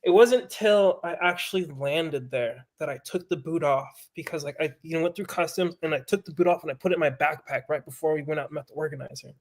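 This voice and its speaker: A man's voice: fairly high pitch, a little fast, hardly any pauses. A man, a pro mountain biker, telling a story in casual chat with swearing and acted-out quotes. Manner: animated, swears, acts out quoted voices.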